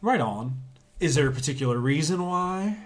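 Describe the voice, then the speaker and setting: A man's voice: a little high, expressive, moderate pace. A man hosting a casual podcast, joking and giving mock-formal introductions. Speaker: podcast host.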